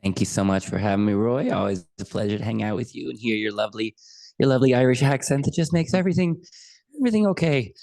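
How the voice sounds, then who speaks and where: Male guest coach, low gravelly voice, dry close sound, earnest. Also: fast, a little mellow, dry recording. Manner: earnest and reflective, with frequent restarts. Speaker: podcast guest, anxiety coach. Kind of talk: conversational interview.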